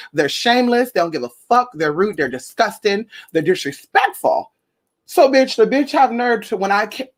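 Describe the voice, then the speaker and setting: A young woman from Northern California who tells a story to her viewers in a sassy, profane way. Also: lowish voice. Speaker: spiritual vlogger. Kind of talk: casual storytelling vlog.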